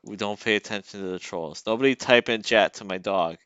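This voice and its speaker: A man's voice: on the low side, brisk, fairly bright tone, clean tone, no echo, lo-fi sound. A man streaming as a game developer, chatting casually and teasing his dog at home.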